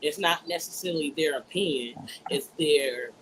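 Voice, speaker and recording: A woman's voice: low voice, normal speed, a little hiss or hum. A woman co-hosting a casual group discussion, talking bluntly and with frequent profanity. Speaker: podcast co-host.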